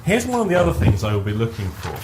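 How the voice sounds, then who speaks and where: Heavy background noise surrounds a man leading a live workshop, his fairly low voice swinging hugely in pitch as he talks fast. He teaches conversationally with anecdotes, frequently restarting sentences and repeating words.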